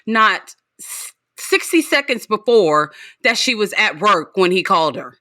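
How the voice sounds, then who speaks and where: A woman's voice: mid-range voice, sing-song, measured pace, pushed and bright, dry recording, clean studio sound. A woman guest on a podcast, chatting casually with wry, laughing asides. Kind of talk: casual chat.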